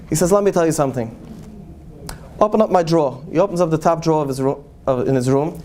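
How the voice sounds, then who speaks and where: A man, a rabbi, telling stories to an audience in English, animated and acting out the people he quotes. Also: on the high side, fast. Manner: animated storyteller, acts out quoted voices, Yiddish-laced English. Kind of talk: storytelling talk to an audience.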